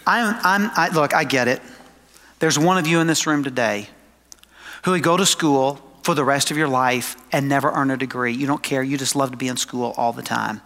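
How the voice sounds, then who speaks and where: A man preaching a sermon to his congregation, emphatic, slowing down for quoted scripture and dropping into conversational asides. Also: mid-range voice, fairly bright tone. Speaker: pastor. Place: church sanctuary. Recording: long hall reverb.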